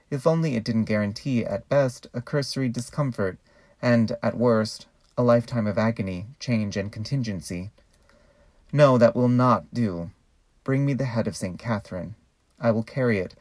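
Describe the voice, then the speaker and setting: Brief: man, mid-pitched, theatrical spoken-word monologue, measured and ironic, close dry sound. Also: a little mellow, dry recording. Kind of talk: performed poetic monologue.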